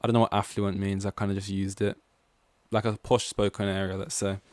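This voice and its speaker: A man's voice: on the low side, little pitch movement, brisk, a little mellow, no room sound. A man from East London hosting a solo podcast, rambling casually and going off on tangents. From East London, England. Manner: rambling, goes off on tangents, heavy use of "like". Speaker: podcast host.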